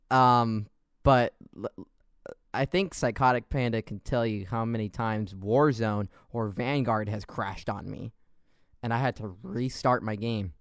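A man's voice: lowish voice, measured pace, no echo, clean studio sound. A man hosting a casual gaming podcast, rambling through stories and laughing along. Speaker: podcast host.

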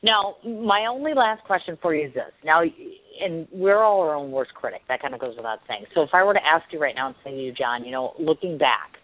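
A man's voice: on the high side, lively intonation, brisk, few pauses. A man hosting an interview, asking long, winding questions with fillers. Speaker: interview host. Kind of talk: radio-style interview. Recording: tinny phone-line sound.

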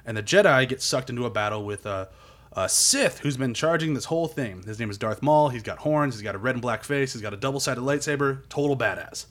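A man recapping a film in casual chat, animated and swearing, acting out quotes in goofy voices. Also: medium pitch.

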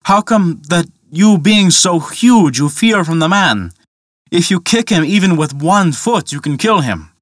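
A proud young lion cub speaks with brash confidence, a man reading his lines aloud. The voice sits a little high and rings bright and forceful. It is close and dry, with no room sound around it. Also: expressive, unhurried, no room sound, heavily acted. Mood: indignant. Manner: proud, commanding storybook speech. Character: young male lion cub, bold and boastful.

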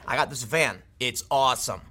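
A man in his thirties giving opinionated news commentary, sarcastic and exasperated, with quick asides. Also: medium pitch, sharp tone, husky. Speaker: political commentator.

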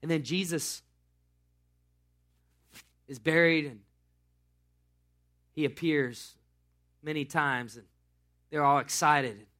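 A man's voice: on the high side, steady tone, slow, long pauses, fairly bright tone. A man pastor preaching a sermon in a casual, storytelling way.

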